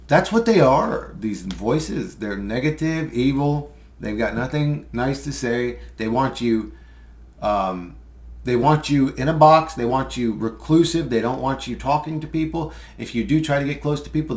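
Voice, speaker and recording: Male host, casual monologue, rambling and profane, mid-range voice, echoey room. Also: mid-range voice. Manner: rambling, swears freely, laughs between thoughts. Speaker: channel host.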